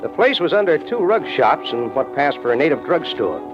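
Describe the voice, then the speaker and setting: A hard-boiled male detective narrates in a dry, clipped, wisecracking voice. His delivery rises and falls with lively inflection over a clear music bed, all heard on dull vintage radio, 1940s radio acting. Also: fairly high pitch, normal speed. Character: tough, wry male private eye.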